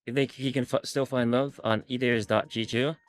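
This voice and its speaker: A man's voice: medium pitch, steady tone, a little fast, soft background music. A man streamer reading posts aloud and reacting in a casual, wry way with some swearing.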